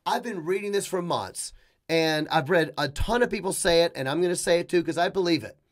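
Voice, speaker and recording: A middle-aged man hosting a podcast, delivering an opinionated monologue with emphatic bursts, quick asides and mocking quoted voices. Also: on the high side. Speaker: podcast host.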